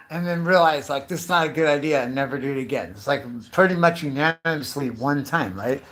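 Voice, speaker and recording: A man in his fifties rambles through a comic monologue in a slightly high, bright voice at a brisk pace. He swears freely, calls everyone dude and bro, and fires off rhetorical questions.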